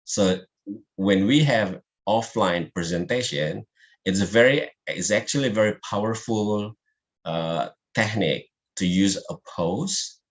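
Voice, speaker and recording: Slow-talking deep-voiced man teaching. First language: Indonesian. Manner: slow, explaining, non-native grammar. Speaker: public speaking teacher. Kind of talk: online class presentation.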